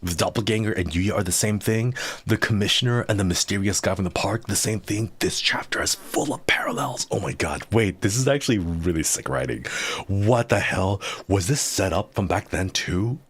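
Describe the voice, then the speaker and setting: A man streaming a story game live, chatting excitedly with his viewers and reacting to the plot. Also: low voice, normal speed, breathy edge. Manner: excitable and chatty, talks to chat while reading game lines.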